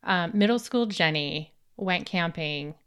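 Woman, bright tone, smooth clear voice, earnest storytelling. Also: on the low side, animated, slow. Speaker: co-host. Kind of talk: faith-based casual chat.

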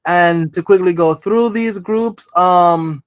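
A man hosting a sports podcast in casual chat, brisk and dryly teasing as he runs through lists. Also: high voice, smooth. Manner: brisk, lists teams rapidly with dry teasing. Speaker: podcast host.

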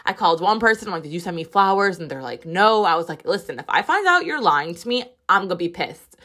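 A woman's voice: on the low side, big pitch swings, fast talker, sharp tone. A woman in her twenties hosting a podcast, telling a story in casual, chatty talk full of "like" and swearing. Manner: chatty, profane storytelling with lots of "like". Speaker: podcast host. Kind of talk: casual solo podcast monologue.

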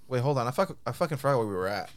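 Man, animated pitch, casual questioning host with a profane streak. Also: very fast, clean tone. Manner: curious, profane, laughs along, asks questions. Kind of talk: casual chat.

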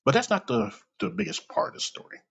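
A man's voice: high-pitched, very animated, fast, creaky, a bit bright, slightly rough, muffled recording. A man telling a comedic personal story in a casual, profane, self-deprecating way.

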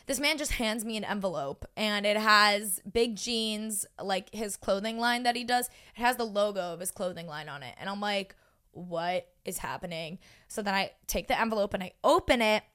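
A woman in her twenties casually telling a story on a podcast, animated and swearing freely as she acts out what people said. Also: mid-range voice, normal speed, few pauses. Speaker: podcast co-host.

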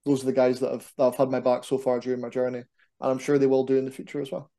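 A man, a wrestler, chatting casually as a podcast guest in an animated, rambling, self-deprecating way. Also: medium pitch, very fast. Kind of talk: casual chat.

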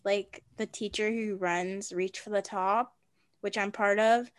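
A woman's voice: medium pitch, steady tone, a little slow, clean tone. A teenage girl co-hosting a podcast, chatting casually and offering reassurance. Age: teens. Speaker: podcast co-host. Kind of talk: casual chat.

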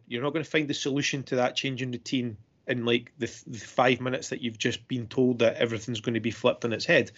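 A man co-hosting a podcast in casual chat, relaxed, with restarts and tag questions. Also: medium pitch. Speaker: podcast co-host. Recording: dull lo-fi sound.

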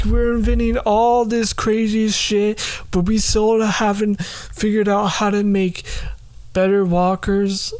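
Dude rambling alone on his podcast late at night in his room, slow, swears a lot, makes fun of himself. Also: high-pitched, darkish tone. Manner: rambling, self-mocking, sweary. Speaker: podcast host. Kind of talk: rambling solo podcast monologue.

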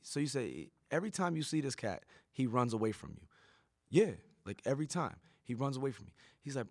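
A man's voice: medium pitch, sing-song, brisk, a little mellow, dry recording, studio quality. A man hosting a podcast in casual chat, rambling and profane, often tagging his points with "right?". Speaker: podcast host.

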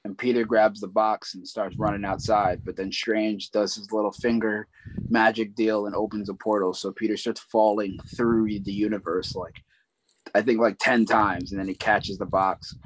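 A man's voice: fairly low pitch, flat delivery, moderate pace, a little hiss or hum, rough recording. A man casually retelling a movie plot, rambling with lots of fillers. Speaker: movie recap co-host. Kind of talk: casual chat.

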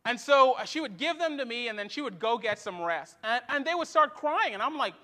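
A man in his thirties preaching a sermon as pastor, telling stories with lively acted quotes. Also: very high-pitched, fairly quick, few pauses.

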